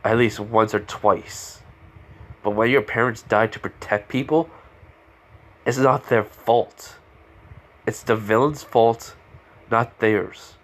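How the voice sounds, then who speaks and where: A man's voice: fairly low pitch, a bit bright. A man casually improvising a fan story, rambling with lots of fillers and restarts.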